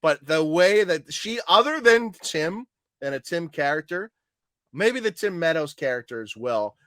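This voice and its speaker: A man's voice: on the high side, animated, measured pace, fairly bright tone, no echo, studio quality. A man co-hosting a casual chat about comedy sketches, laughing often and quoting favorite lines. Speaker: podcast co-host.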